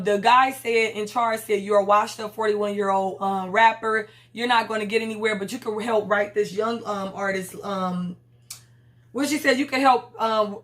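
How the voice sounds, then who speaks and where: A woman's voice: medium pitch, fairly bright tone. A woman casually recapping a TV episode, acting out the characters' lines with sass, slangy asides and lots of fillers. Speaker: TV recap vlogger.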